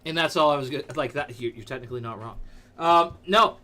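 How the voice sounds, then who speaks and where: A man hosting a casual livestream from his computer desk, playful and jokey, breaking into sudden loud outbursts. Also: medium pitch, fast talker. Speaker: livestream host. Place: seated at a computer in a dim room.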